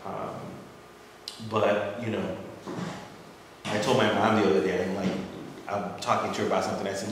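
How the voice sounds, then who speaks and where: Low-voiced man rambling through a story. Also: normal speed. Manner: rambling, many fillers and restarts, animated when quoting. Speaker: audience member sharing a story. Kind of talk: casual personal storytelling. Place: assembly hall. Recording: distant echoey hall recording with clear room noise.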